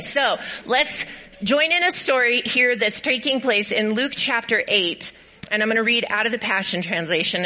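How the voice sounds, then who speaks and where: A woman's voice: medium pitch, sharp tone, poor audio. A woman pastor giving a sermon, cheerfully directing volunteers through a skit and reading scripture aloud. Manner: upbeat and encouraging.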